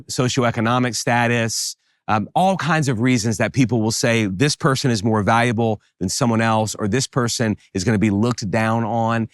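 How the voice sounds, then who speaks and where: Man, Southern American accent, middle-aged pastor, animated sermon delivery, dry close sound. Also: medium pitch, no echo. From American South, New Orleans area. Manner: animated preaching with emphatic rises.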